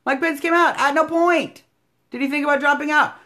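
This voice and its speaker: A fiery American woman hosts a live stream from her phone, in her thirties, her voice sitting on the higher side. She talks in opinionated bursts, sarcastic and combative, rising to loud outbursts and then dropping to low, muttered asides. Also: animated, measured pace. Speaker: political live-stream host.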